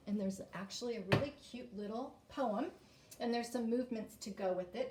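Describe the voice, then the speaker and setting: Sing-song teacher talking to young kids. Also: female voice, on the high side, expressive, a little mellow. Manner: sing-song, slow and exaggerated when modeling chants. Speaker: kindergarten teacher. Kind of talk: online lesson for young children. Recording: echoey room, voice a bit far from mic.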